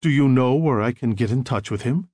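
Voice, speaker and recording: A man's voice: mid-range voice, fairly quick, warm tone, no echo, studio quality, lightly acted. A man voicing a timid, polite young woman asking anxious questions in an audiobook reading. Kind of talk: audiobook narration.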